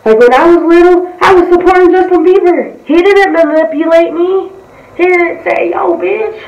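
A woman's voice: very high-pitched, normal speed, darkish tone, muffled recording. Woman ranting bluntly in a roomy space. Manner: blunt, profane, heated. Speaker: reaction vlogger. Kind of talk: ranting reaction commentary. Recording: roomy, distant from the mic.

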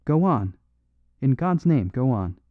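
A man's voice: medium pitch, expressive, normal speed, no room sound, close to an everyday voice. A man voicing a grave little priest. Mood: urgent. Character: small, quiet, sorrowful priest detective. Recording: dry phone-like narrow sound.

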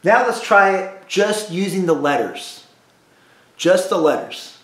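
In an echoey room, a school music teacher gives children a beginner cello lesson, leading call-and-response drills and repeating them slowly and patiently. His voice sits high, animated and a bit bright.

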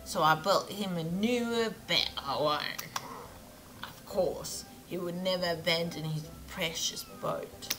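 A woman voicing a boastful male shipbuilder in a put-on English accent that slips toward Australian, with a slow, drawling delivery. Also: fairly low pitch, over music. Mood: chatty. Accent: put-on English turning Australian.

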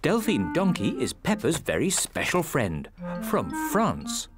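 A man's voice: fairly high pitch, wildly swooping pitch, measured pace, over music. A man narrating a children's cartoon in a dry, matter-of-fact way. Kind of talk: scripted narration.

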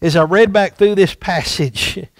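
Male pastor preaching in church. High voice, slow and emphatic delivery, dry close sound. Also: no room sound. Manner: emphatic, repeats rhetorical questions. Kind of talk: sermon. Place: church sanctuary.

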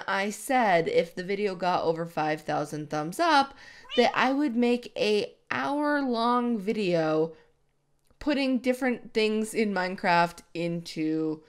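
A woman gaming YouTuber chatting casually and rambling over Minecraft gameplay, laughing at herself often. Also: medium pitch. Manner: rambling, self-deprecating, with frequent laughs.

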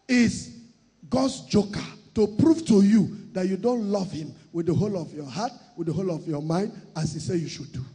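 A man preaching a sermon, shouting and half-singing in bursts, mocking others in put-on voices. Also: extremely high pitch, gravelly, slightly rough, big-room sound.

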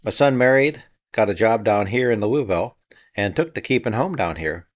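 A man's voice: on the low side, animated, normal speed, close to an everyday voice. A man voicing a matter-of-fact house painter from Vermont, on a dull, slightly muffled recording. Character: older French Canadian house painter.

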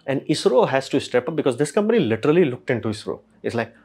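A man, casually explaining rocket industry news as a channel host and acting out quick imagined exchanges. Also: mid-range voice, sing-song, darkish tone, slightly rough. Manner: rapid, filler-heavy, acts out imagined dialogue.

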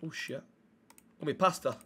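A man's voice: on the high side, moderate pace, a bit bright, breathy edge. A young man, chatting bluntly and swearing while streaming a game. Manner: sweary, blunt banter with chat. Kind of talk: live-stream chat while gaming.

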